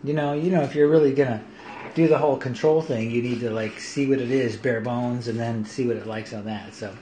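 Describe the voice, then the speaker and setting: A middle-aged man chatting casually on a home livestream, lively and quick to laugh. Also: medium pitch. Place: home kitchen. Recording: echoey room, faint hiss.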